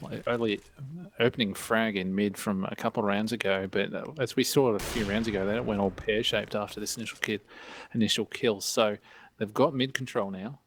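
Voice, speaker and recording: A man's voice: fairly low pitch, slight background noise. A man giving analysis on an esports match in a dry, wry way. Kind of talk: game analysis commentary.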